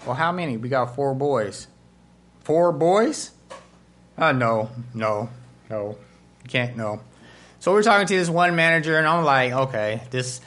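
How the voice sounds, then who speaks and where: A man preaching a sermon as pastor, telling stories and acting out the voices of the people in them. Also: fairly high pitch. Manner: animated, acts out voices in his stories. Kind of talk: storytelling sermon.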